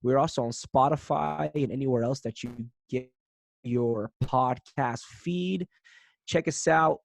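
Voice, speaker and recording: A man co-hosts a casual podcast, his talk loose and halting, full of fillers. His voice has a strong gravelly fry. The recording is dry and close. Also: medium pitch, no room sound. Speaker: podcast co-host. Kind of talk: casual chat.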